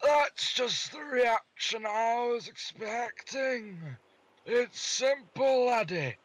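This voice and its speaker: Man doing a high Scottish schoolgirl. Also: dry recording, low-quality recording. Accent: put-on Scottish. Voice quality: strained high falsetto. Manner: slow, drawn-out line reading. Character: young blind schoolgirl, gentle and polite.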